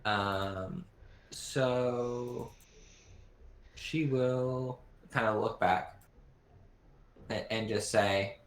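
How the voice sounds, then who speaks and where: A man running a tabletop game as game master, talking haltingly with lots of fillers. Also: medium pitch. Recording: echoey room with faint background noise.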